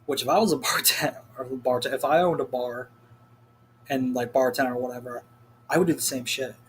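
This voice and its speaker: A man's voice: mid-range voice, fairly even intonation, brisk, a bit bright, a little hiss or hum. A young man telling a story in a rambling, casual rant, full of swearing and filler words. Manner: rambling, profane, heavy on "like" fillers. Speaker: vlogger.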